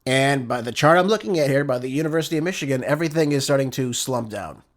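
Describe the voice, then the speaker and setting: A man's voice: mid-range voice, animated, fast talker. A man hosting a political show, delivering an emphatic commentary monologue full of rhetorical questions and heated asides.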